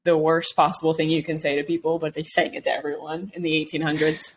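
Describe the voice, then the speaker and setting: Animated woman co-hosting a podcast. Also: quick pace, a little hiss or hum. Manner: animated, laughing, acts out quotes in high voices. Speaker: podcast co-host. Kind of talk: casual movie review chat.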